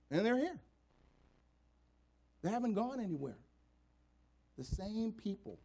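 High-voiced preacher, hushed to emphatic. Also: male voice, big pitch swings, a little slow, gravelly, long pauses. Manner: dramatic swings between hushed low passages and raised emphatic ones; voices scripture and imagined doubters in quoted speech. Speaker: pastor. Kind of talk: sermon.

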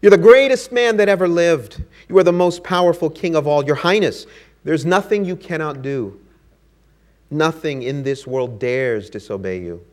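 A man voicing a group of fawning royal courtiers who flatter their king. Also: fairly high pitch, normal speed, pitched above the performer's own voice, close to an everyday voice. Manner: gushing, flattering.

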